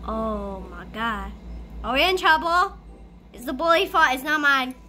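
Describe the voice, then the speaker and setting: A woman playing a school role-play game, talking excitedly through it and bursting into shrieks and giggles. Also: sits high, measured pace, slight background noise. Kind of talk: playful gameplay commentary.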